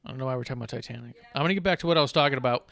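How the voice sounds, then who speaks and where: A man hosting a podcast, retelling a wrestling show with lively swearing and acted-out quotes. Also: medium pitch, racing, creaky. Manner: animated retelling, voicing characters and swearing. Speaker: podcast host. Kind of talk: casual wrestling recap chat.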